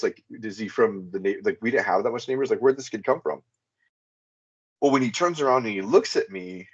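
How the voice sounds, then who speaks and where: Rambling low-voiced man, lo-fi sound. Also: husky. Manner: rambling, frequent "you know" fillers. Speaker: podcast caller. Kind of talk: casual first-person storytelling. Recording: dull lo-fi sound.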